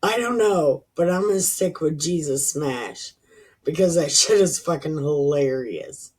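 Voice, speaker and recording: A woman's voice: low-pitched, moderate pace, darkish tone, breathy edge. A woman reading scripture aloud and riffing on it casually, irreverent, swearing and laughing at her own jokes. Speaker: Bible reading vlogger.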